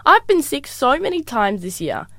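A woman in her twenties co-hosting a podcast, chatting casually in a congested, sick voice and telling stories with animated energy. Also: high-pitched, normal speed, no room sound. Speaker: podcast co-host. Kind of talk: casual chat.

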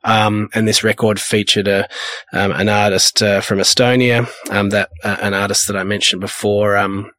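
This Perth man is a music producer and label owner, speaking in a casual interview with a lowish, level voice at normal speed. He tells rambling, anecdotal stories and acts out the people in them. The sound is pushed and bright, with no room sound.

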